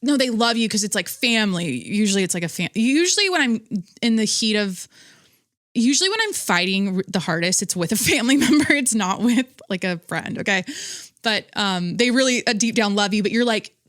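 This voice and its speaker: A woman's voice: medium pitch, lively intonation, fairly quick, fairly bright tone, no room sound, studio quality. A young woman hosting her own podcast, chatting casually on her own, rambling and breaking off her sentences, often laughing between thoughts. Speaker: podcast host. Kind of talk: casual solo podcast chat.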